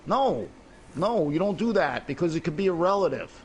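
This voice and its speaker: Middle-aged guy in game chat on a headset, kinda high voice, rambles and curses a lot. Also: very animated, moderate pace, slight background noise. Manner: rambling, profane, keeps saying "you know what I mean". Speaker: gamer in voice chat. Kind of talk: casual chat.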